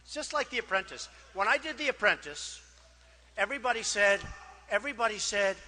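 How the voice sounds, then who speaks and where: A man giving a campaign rally speech as a political candidate. He is boastful and rambling, repeats himself, and swings between loud declarations and quiet asides. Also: sits high, lively intonation, fairly quick. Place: rally crowd.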